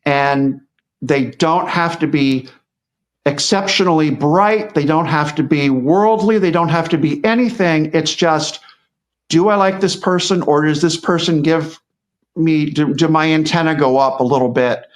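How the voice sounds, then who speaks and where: A man's voice: fairly high pitch, measured pace. A middle-aged man talking casually as a guest, rambling, with lots of restarts and repeated words. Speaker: guest commentator. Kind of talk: casual conversational commentary.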